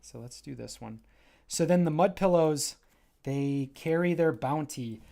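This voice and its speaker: A man's voice: fairly high pitch, a little slow, gravelly, mellow. Chatty man walking through his story. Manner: enthusiastic, rambling and self-interrupting. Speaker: graphic novel creator on a livestream. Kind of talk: casual livestream walkthrough.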